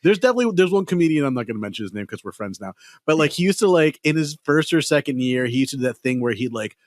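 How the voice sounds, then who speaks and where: A man's voice: medium pitch, expressive, very fast, no echo, studio quality. A man co-hosting a podcast in casual comedic chat, laughing constantly and rambling through stories. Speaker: podcast co-host.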